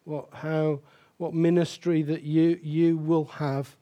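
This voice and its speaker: A man's voice: on the high side, flat delivery, slow, muffled recording. An older man preaching a sermon as pastor, emphatic and repeating key phrases for stress.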